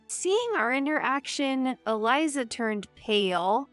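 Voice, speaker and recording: A woman narrating a dramatic family story in the first person, in an even, measured way. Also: fairly high pitch, clear, resonant tone, faint music behind.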